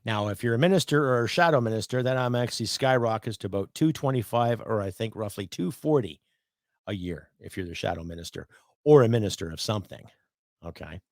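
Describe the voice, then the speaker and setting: A man's voice: on the low side, quick pace, a little mellow, no room sound, clean studio sound. A man in his fifties hosting a solo podcast, ranting bluntly with profanity and sarcasm. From Canada. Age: 50s. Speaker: podcast host.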